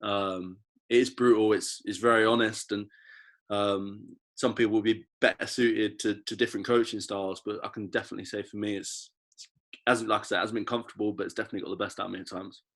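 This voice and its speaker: A man in his twenties, a professional athlete, speaking as a guest in a casual podcast interview, reflective and animated when he tells stories. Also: fairly low pitch, fast talker. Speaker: guest, professional rugby player.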